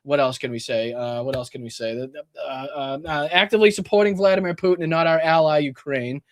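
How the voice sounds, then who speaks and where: A man's voice: on the high side, fast talker, dry recording, clean studio sound. A man hosting a podcast, reacting to clips in casual political commentary, incredulous, swearing and laughing as he talks. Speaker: podcast host.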